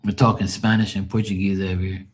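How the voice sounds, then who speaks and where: Low-voiced man rambling on a live stream. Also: little pitch movement, fast. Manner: rambling, loose and profane, often laughing. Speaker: live-stream tarot reader. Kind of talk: casual chat with live viewers.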